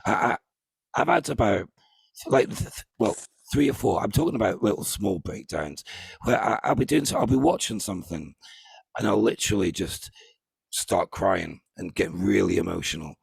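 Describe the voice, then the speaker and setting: A man hosting a casual group chat, talking in halting bursts full of restarts. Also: lowish voice, animated, creaky, breathy edge, no echo. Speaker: host.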